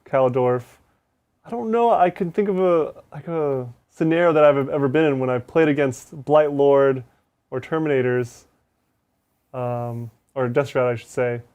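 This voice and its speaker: A man's voice: fairly high pitch, a little mellow. A man co-hosting a casual gaming chat who thinks aloud and hedges with "right?". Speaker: co-host.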